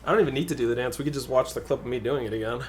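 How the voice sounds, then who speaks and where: A man's voice: medium pitch, racing, slight background noise. A man, a guest co-player, chatting casually and thinking aloud while commenting on a card game.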